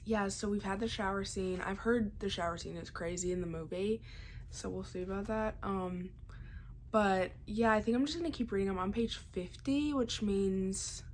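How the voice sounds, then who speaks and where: Chatty young female book vlogger, mid pitch, casual recap with filler words, faint home ambience. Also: normal speed, a little hiss or hum, rough recording. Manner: chatty, many likes and ums, quotes characters in a lightly shifted voice. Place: home, by a fireplace.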